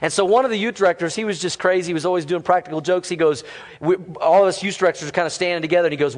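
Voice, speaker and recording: A pastor, preaching a sermon to a live congregation in a church auditorium. His voice sits fairly high for a man, and a long hall reverb trails every phrase. He tells stories and calls out to the room to answer him. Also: rapid-fire. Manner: storytelling, calls on the congregation to respond.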